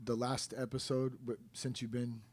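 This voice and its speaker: A man's voice: medium pitch, flat delivery, moderate pace, crowd noise. A man hosting a live podcast, asking questions in a laid-back, amused way. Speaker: podcast host. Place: live comedy club stage.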